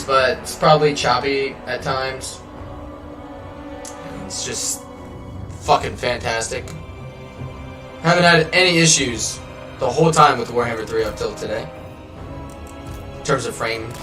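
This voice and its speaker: A man's voice: mid-range voice, bright, forceful tone, echoey room, far from the mic. A man live-streaming a game, chatting casually and rambling, swearing freely as he plays. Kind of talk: casual live gameplay chat. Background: game music.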